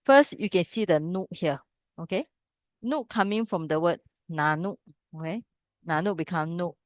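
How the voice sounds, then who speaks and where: In this text study lesson, a Pali teacher walks her class through old scripture one step at a time, repeatedly making sure the students are following. Her pitch is fairly low and she speaks at a normal speed, captured in a dry, studio-quality recording.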